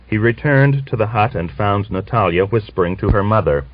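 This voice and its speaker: A man reading a novel as an audiobook narrator, in a measured, solemn manner. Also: on the low side, animated, no room sound. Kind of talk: scripted literary narration. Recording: dull lo-fi old recording.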